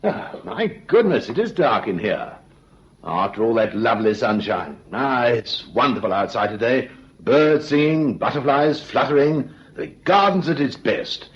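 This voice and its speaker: A brisk, firm hospital doctor. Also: male voice, mid-range voice, animated. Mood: cheerful. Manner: brisk, reassuring, then stern. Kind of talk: vintage radio drama acting. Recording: dull lo-fi old radio recording.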